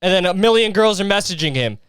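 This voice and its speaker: High-voiced man on a profane comic rant. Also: animated, quick pace, fairly bright tone, clean tone, dry recording, studio quality. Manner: profane, exasperated ranting with many fillers; mocking, sarcastic asides. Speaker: podcast host. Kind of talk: solo comedy podcast rant.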